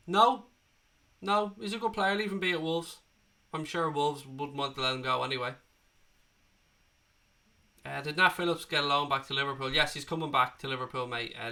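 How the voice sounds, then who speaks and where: A man's voice: medium pitch, bright, forceful tone. A man with an Irish accent and a cold, hosting a casual live stream and answering viewers in the chat, calling them mate and swearing freely. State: has a cold. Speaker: livestream host reading chat.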